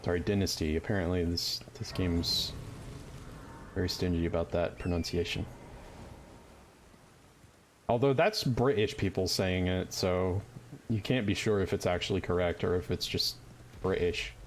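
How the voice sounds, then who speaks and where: A man's voice: low-pitched, normal speed, pauses often, slight background noise. A man streaming a game, with joking, profane, rambling commentary. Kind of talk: casual gaming commentary.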